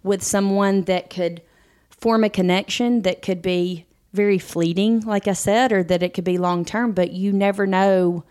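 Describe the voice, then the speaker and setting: A woman's voice: mid-range voice, steady tone, unhurried, darkish tone, smooth. A woman co-hosting a podcast who speaks in a supportive, reflective way in casual chat. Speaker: podcast co-host.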